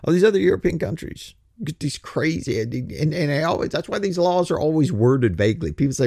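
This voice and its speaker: A man's voice: fairly high pitch, animated, fairly quick, vocal fry, dark tone, no echo, studio quality. A man giving casual, sarcastic commentary, full of rhetorical questions and stammered restarts. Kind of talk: casual political commentary chat.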